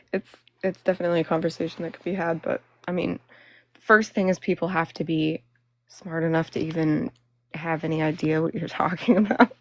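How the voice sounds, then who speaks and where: A woman's voice: sits low, fairly even intonation, normal speed, no room sound, highs cut off. Young woman rambling on a phone live. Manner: rambling, fillers like "like", laughs between phrases. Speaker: livestream host. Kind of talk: casual live-stream chat and rant.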